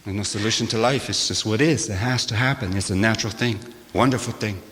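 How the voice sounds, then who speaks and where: A man's voice: fairly low pitch, fast talker. Older man preaching in a reverberant hall. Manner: rhythmic, repetitive chanting cadence, swinging from loud to hushed; wry, laughing asides. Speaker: shaman speaker. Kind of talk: sermon-like talk to a gathering. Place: church hall.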